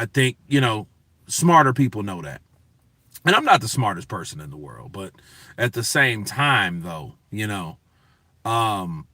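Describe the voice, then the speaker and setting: A man's voice: on the low side, bright, forceful tone, dry recording. A man hosting a boxing news show, talking in a casual, profane, emphatic rant to his viewers. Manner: profane, emphatic, talks to chat.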